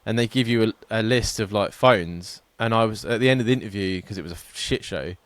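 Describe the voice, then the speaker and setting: A man's voice: lowish voice, a little fast, no echo. A man co-hosting a podcast, chatting through anecdotes with many fillers and restarts. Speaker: podcast co-host. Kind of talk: casual chat.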